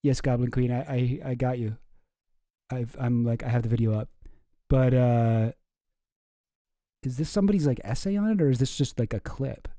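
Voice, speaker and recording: A man's voice: mid-range voice, normal speed, long pauses, dark tone, dry recording. A man hosting a stream, chatting casually and self-deprecatingly on a close microphone and laughing often. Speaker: streamer host. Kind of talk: casual reaction commentary.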